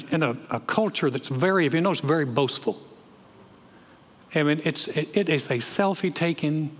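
A man preaching from the pulpit, folksy and animated, his voice sitting a bit high. He doubles back on his words and rallies the congregation. The sound carries a long reverb from a church hall. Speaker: pastor. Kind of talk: sermon. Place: church sanctuary.

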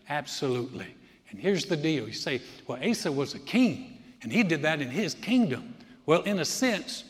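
A man preaching a sermon as pastor of a church, lively and acting out what people say. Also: high voice, unhurried. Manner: animated, acts out people's remarks. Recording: long reverb of a church hall.

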